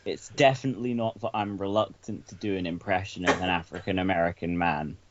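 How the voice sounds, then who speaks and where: A man's voice: low-pitched, fairly even intonation, brisk, noisy background. A man from the United Kingdom hosting a comedy podcast, dry and self-mocking, often stumbling over his words. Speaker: podcast host. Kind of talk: casual comedy chat. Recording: dull lo-fi sound.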